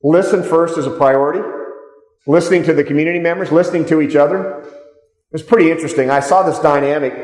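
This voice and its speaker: A man's voice: mid-range voice, a little mellow. A man giving a direct, storytelling seminar talk to a live audience in a meeting room, repeating key points for emphasis. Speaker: seminar speaker. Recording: echoey hall, speaker off-mic at times.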